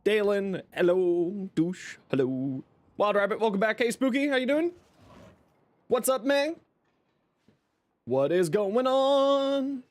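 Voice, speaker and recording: Upbeat man hosting a gaming stream; bright high voice that swings a lot, chatty and friendly with chat. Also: slow pace, pauses often, no echo. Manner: greets chat by name, lively and upbeat; eating while talking. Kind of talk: casual live stream chat.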